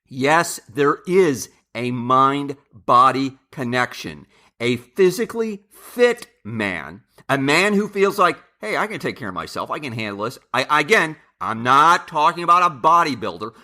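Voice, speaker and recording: A man's voice: fairly high pitch, pushed and bright. An older man hosting an advice channel, talking emphatically to his viewers in numbered points and calling them "men". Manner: emphatic, addresses listeners as "men", uses lists. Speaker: channel host. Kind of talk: advice monologue to camera.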